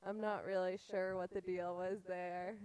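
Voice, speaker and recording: A young woman chatting casually, telling a story in a halting, giggly way. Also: lowish voice, little pitch movement, a little mellow, clean tone, low-quality recording. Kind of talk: casual chat.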